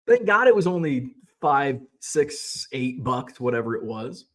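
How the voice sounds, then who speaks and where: A man's voice: medium pitch, expressive, measured pace, few pauses. A middle-aged man hosting a casual livestream, reading viewer comments and ranting in a sarcastic, profane way. He rambles, restarting his sentences often. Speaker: host of a sports card selling livestream.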